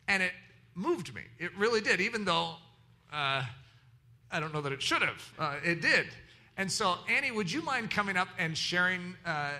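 A man preaching as pastor, earnest and halting, who stops often to restart his sentences. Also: fairly high pitch, pushed and bright. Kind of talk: sermon.

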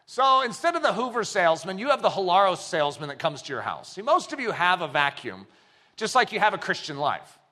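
Excitable guy preaching, high bright voice, goes from hushed to shouting. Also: a little fast. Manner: animated, swings from hushed asides to shouted exclamations. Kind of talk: sermon.

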